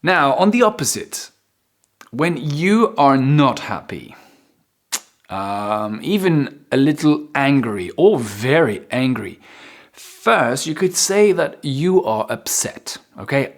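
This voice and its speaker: A man gives an unhurried English vocabulary lesson, speaking at a measured, deliberate pace. He repeats each new word for his learners in a mid-range voice. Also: medium pitch, big pitch swings. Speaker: English teacher.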